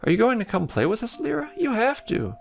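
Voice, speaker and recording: A man's voice: extremely high pitch, huge pitch swings, fairly quick, creaky, soft background music, pitched above the performer's own voice, heavily acted. A man voicing creepy dream children who pushily insist that someone come and play. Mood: insistent.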